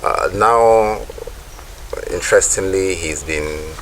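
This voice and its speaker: A man's voice: low voice, slow, a little hiss or hum, poor audio. A man interviewing a guest, asking polite, formal questions.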